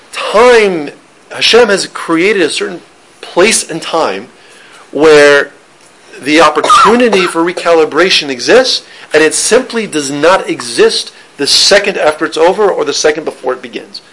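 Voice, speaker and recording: A man's voice: a little high, lively intonation, measured pace, a bit bright, rough recording. A man giving an informal Torah lesson, talking conversationally with restarts and joking with listeners. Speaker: teacher giving a Torah class.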